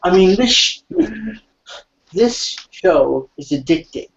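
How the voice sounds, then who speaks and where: A man's voice: high-pitched, lively intonation, slow, gravelly. A man chatting casually, stumbling and repeating himself as he talks about a show. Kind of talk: casual chat. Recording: dull lo-fi mic.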